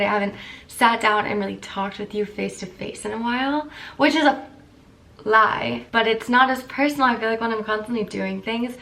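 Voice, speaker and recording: A young woman in her twenties with a croaky morning voice, chatting candidly and rambling to camera as a vlogger. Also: mid-range voice, a bit bright, far from the mic. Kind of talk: casual chat to camera.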